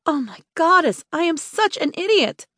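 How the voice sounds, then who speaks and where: Woman narrator doing a mischievous young witch, flustered and whiny, highish voice, dry close audiobook sound. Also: animated, normal speed, no echo, close to an everyday voice. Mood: embarrassed. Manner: exasperated, whiny exclamations.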